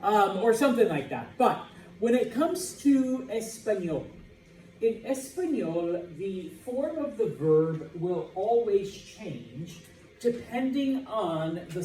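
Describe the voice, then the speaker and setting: Slow, joking American man teaching in an echoey classroom. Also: high voice, mellow, far from the mic, a little hiss or hum. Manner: informal, joking, checks understanding with constant "okay?". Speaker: Spanish teacher. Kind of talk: classroom lecture with student call-and-response.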